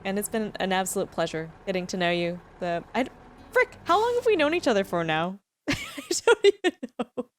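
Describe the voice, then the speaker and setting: Brisk and very animated, a medium-pitched young woman chats on her livestream and reads to viewers. Her manner is gushing and emotional, full of laughter, and she sounds on the verge of tears.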